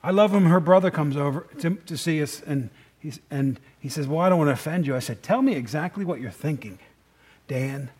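A man's voice: fairly high pitch, lively intonation, a little fast, a little mellow. A middle-aged man preaching a sermon in a conversational way, often asking the congregation questions. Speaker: pastor.

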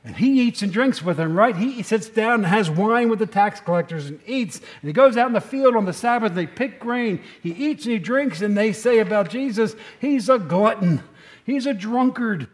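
A man preaching with a high voice, telling stories in a relaxed, conversational way. He acts out the voices of the people he quotes and pushes into urgent exhortation. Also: brisk, hardly any pauses. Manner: conversational storytelling sermon, acting out quoted voices. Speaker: pastor. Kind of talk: sermon.

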